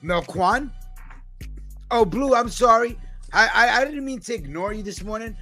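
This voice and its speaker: Animated high-voiced New York man. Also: moderate pace, faint music behind. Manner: animated storytelling, loud outbursts and laughs. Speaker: podcast host. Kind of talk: casual chat.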